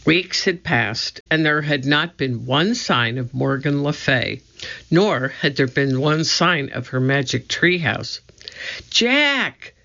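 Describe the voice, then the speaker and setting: Measured children's audiobook narrator, bright tone, muffled lo-fi recording. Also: medium pitch. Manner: slow, measured and gravelly.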